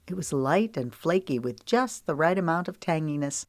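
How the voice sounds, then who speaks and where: A woman narrating a romance audiobook in a steady, even storytelling voice. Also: deep voice, normal speed, dry recording, studio quality.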